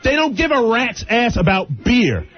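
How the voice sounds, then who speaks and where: A man's voice: extremely high pitch, very animated, moderate pace. A man arguing defensively on a radio talk show, exasperated. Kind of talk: heated on-air argument. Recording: dull lo-fi radio broadcast.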